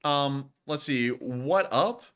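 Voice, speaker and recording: A young man hosting a casual livestream news show, jokey and high-pitched, talking in a playful, teasing way with quick asides. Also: fairly bright tone.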